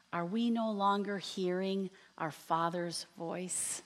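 A woman preaching a sermon in a church, earnest and deliberate, sometimes dropping to a near-whisper. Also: on the low side. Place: church sanctuary. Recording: long reverb in a large hall.

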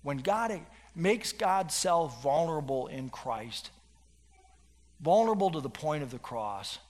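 High-voiced animated preacher in a hall. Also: male voice, measured pace. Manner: animated storyteller with restarts. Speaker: pastor. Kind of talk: sermon storytelling. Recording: long hall reverb.

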